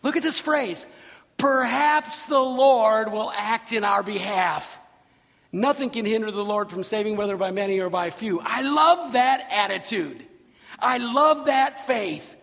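A male pastor delivers a lively sermon, retelling the scripture story with acted voices and bursts of shouting. His voice sits very high and has a gravelly edge. The sound carries the long reverb of a large hall.

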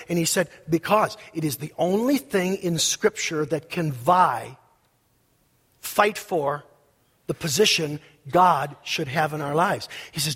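Male pastor preaching with emphasis, in a reverberant sanctuary. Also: husky. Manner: emphatic preaching, swinging between loud peaks and low asides. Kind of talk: sermon.

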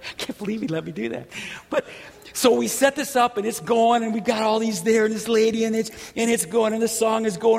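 Male pastor, very high and raspy-edged, lively storyteller, reverberant church hall. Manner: animated, shouts at story peaks. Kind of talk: sermon with storytelling.

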